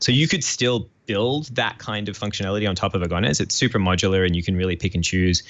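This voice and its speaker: An Australian man, a podcast guest, explaining software eagerly with lots of fillers. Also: low voice, quick pace, hardly any pauses, no echo, muffled recording. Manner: enthusiastic, many fillers, quotes imagined requests.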